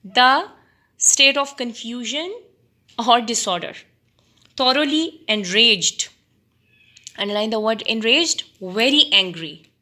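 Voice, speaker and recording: A woman teacher reading a story aloud to students, pausing deliberately to define words and quiz them. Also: fairly high pitch, animated, sharp tone.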